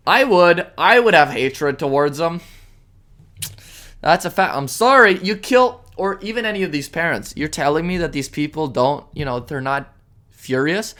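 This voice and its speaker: A man hosting a solo podcast, ranting sarcastically and indignantly, jumping between loud outbursts and muttered asides. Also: on the high side. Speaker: podcast host. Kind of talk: solo opinion rant.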